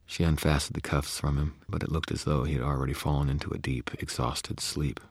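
Very deep, gravelly male audiobook narrator. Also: level tone, fairly quick, dry recording. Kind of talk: first-person audiobook narration.

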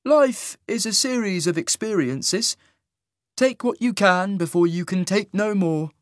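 A man voicing an eerie immortal male adjudicator with a sing-song, slow and serene way of speaking. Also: sits high, no echo, studio quality, pitched above the performer's own voice. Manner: slow, serene, unsettlingly calm.

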